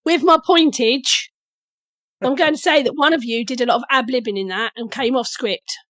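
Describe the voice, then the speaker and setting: A woman's voice: high voice, moderate pace, a bit bright, dry recording. A woman co-hosting a podcast, judging a game in a teasing, mock-official way. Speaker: podcast co-host acting as judge. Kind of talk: casual podcast chat.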